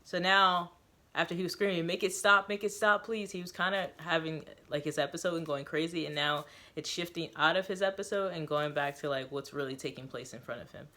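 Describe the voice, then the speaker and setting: A woman's voice: deep voice, a little fast, sharp tone. A woman host reading a story aloud, mixing a dramatic read with casual, filler-heavy recaps.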